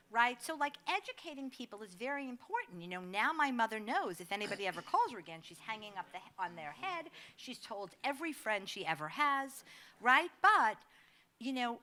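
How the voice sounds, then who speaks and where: A middle-aged woman giving a conversational presentation, an animated storyteller who laughs often. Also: medium pitch. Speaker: advocacy staff speaker.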